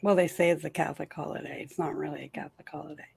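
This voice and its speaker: A woman's voice: sits low, fairly even intonation, very fast, creaky, a little mellow, breathy edge. A middle-aged woman from Massachusetts with a Massachusetts accent, chatting casually on a livestream and laughing often. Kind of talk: casual chat.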